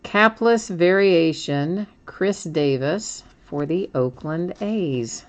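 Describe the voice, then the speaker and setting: A woman's voice: on the low side, takes it slowly. A woman hosting a live trading card break, chatting and thinking aloud with frequent small laughs as she opens packs.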